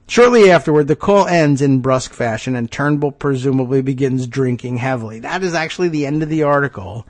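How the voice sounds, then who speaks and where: A male talk-show host with a somewhat high voice reads a political article aloud. He keeps breaking off into sarcastic, disbelieving asides, stumbling over restarts as he riffs. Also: fairly quick. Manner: frequent restarts and fillers when riffing. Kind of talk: casual political commentary.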